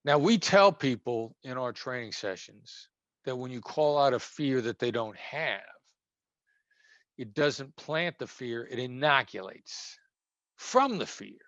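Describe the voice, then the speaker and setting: A man's voice: medium pitch, animated, slow pace, no room sound. Assertive man, dry and dull sound. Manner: demonstrates tones of voice, shifting between gentle and sharp. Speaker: former hostage negotiator, interview guest. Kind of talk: conversational interview.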